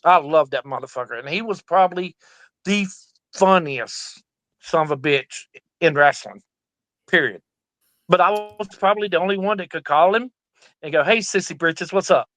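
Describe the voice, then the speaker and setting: A middle-aged man spins rowdy, profane stories as an interview guest. His voice sits a bit high and sounds bright and forceful. The recording is dry and close, and he acts out every voice he quotes. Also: moderate pace, pauses often, dry recording. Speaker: guest, veteran pro wrestler. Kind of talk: casual storytelling interview.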